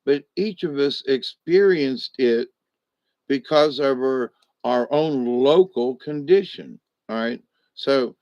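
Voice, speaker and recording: An older man drifts through a slow, rambling chat with his viewers, sounding drowsy and a little medicated. He circles back on himself with lots of restarts. The recording is dry and muffled, like a cheap home webcam mic. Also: mid-range voice, dry recording. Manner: slow, meandering, halting with many restarts. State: drowsy and a little medicated after a hospital stay. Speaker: vlogger talking to live chat.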